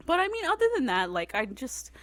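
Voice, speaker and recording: A woman's voice: high voice, huge pitch swings, a little fast, dry recording. A woman hosting a casual chat podcast, telling a rambling story with many fillers and frequent laughter, sounding tired. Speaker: podcast host.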